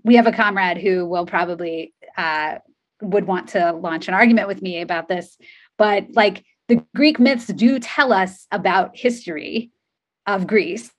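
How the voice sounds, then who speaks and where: Rambling woman co-host, casual chat. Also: mid-range voice. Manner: rambling, full of fillers like "um" and "like". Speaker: podcast co-host.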